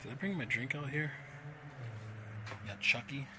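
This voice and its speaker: A man livestreaming casually outdoors in a backyard, talking in a rough, joking, swearing way. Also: medium pitch, lively intonation, measured pace. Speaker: streamer. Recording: loud outdoor background noise.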